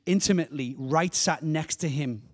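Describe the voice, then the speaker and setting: Earnest middle-aged preacher, slightly high voice. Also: male voice, normal speed. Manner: earnest, fervent, repeats words when building a point. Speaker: guest preacher. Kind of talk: sermon. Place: church.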